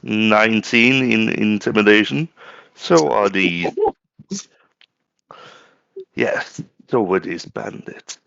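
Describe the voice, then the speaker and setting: Very deep, gravelly, slow-talking man. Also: fairly bright tone, no room sound, muffled recording. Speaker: player. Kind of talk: tabletop game chat.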